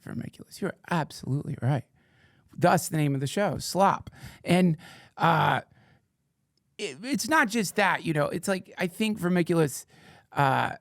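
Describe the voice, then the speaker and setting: A man hosting a podcast in casual chat, rambling, excitable and swearing freely. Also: on the high side, gravelly, dry recording, studio quality. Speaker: podcast host.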